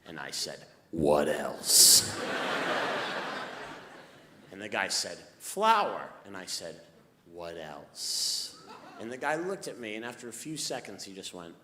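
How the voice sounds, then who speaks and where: A man doing a stand-up comedy set on stage, telling a story and building to shouted punchlines. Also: deep voice, moderate pace. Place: comedy stage before a live audience. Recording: echoey hall with crowd noise.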